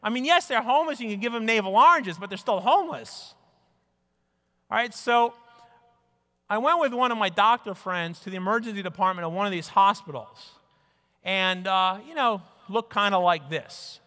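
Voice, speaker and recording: Bright high-voiced man in a hall. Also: moderate pace. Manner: animated storytelling with mock quoted voices. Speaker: speaker. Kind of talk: conference talk. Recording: reverberant hall.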